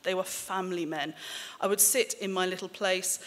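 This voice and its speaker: Woman author in her forties, from the border country, reading her memoir live. Dry, wry, measured delivery. Voice carries a hall reverb. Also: lowish voice, fairly even intonation, a bit bright. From English-Welsh border country. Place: stage in a hall.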